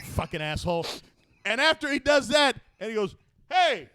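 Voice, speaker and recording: A man hosting a podcast, telling a profane story loudly and acting out other people's voices. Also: extremely high pitch, sing-song, normal speed, smooth, dry recording. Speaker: podcast host. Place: podcast studio.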